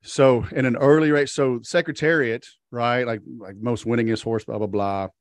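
A man's voice: medium pitch, fairly even intonation, normal speed, dry recording. Rambling male podcast host, dry sound. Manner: rambling storyteller, many fillers and restarts; acts out quoted characters in a sharply raised voice. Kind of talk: casual interview chat.

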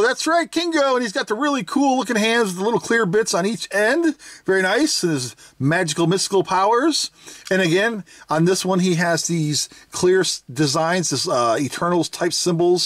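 An excitable host reviews little toys in a casual unboxing chat, giggling between remarks and musing aloud about what each one does. The voice leaps up and down in pitch with lively swings. The sound is dry and close, with no room echo. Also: normal speed. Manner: giggly, enthusiastic, chatty; thinks aloud, unsure asides. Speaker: toy reviewer, channel host.

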